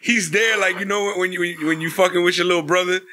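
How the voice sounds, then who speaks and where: A man co-hosting a casual wrestling podcast, animated, slangy and profane, laughing a lot as he reacts. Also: sits high, fast. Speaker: podcast co-host. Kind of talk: casual wrestling recap chat.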